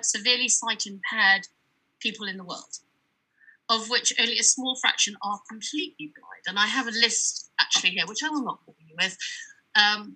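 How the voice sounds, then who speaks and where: A woman's voice: medium pitch, bright, forceful tone, husky, low-quality recording. A woman giving a chatty, digressive conference talk as an author, reading from her book between asides.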